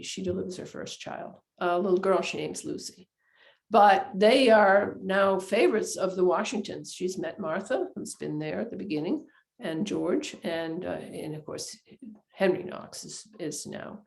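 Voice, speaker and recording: A woman author giving a book talk, telling a historical story in a chatty, animated way with many fillers and restarts. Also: fairly low pitch, creaky. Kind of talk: informal storytelling lecture. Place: lecture hall.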